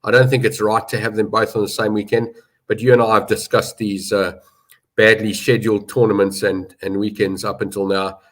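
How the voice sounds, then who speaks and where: With a lowish, slightly bright voice that barely moves in pitch, this middle-aged South African talks a little fast. A rugby betting pundit in casual discussion, he stresses points by repetition and likes to tell stories.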